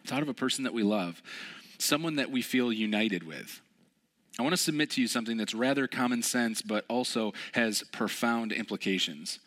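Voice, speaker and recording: A young man preaching a relaxed, conversational sermon, telling stories with lots of fillers. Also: mid-range voice, moderate pace. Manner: casual, storytelling, many fillers. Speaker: pastor.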